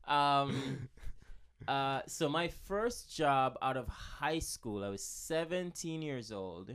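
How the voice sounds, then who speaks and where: Flamboyant, animated man on a podcast. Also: medium pitch, very slow, creaky, smooth. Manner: flamboyant, dramatic, gossipy. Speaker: podcast guest. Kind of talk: casual chat. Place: small closet room. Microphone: podcast microphone.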